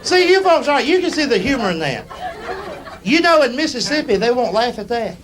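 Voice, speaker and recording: Recorded live on stage amid loud crowd noise and laughter, a middle-aged stand-up comedian from the United States tells folksy stories in a punchy drawl. His voice is very high, swings widely in pitch, and moves a little fast.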